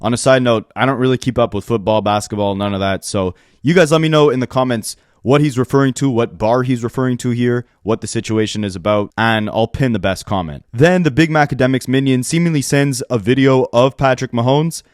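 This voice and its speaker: A man with a mid-range voice delivers brisk, opinionated commentary with plenty of sarcasm. He is recorded on a close mic in a dry room with no echo. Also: mid-range voice. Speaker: rap commentary YouTuber. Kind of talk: scripted commentary.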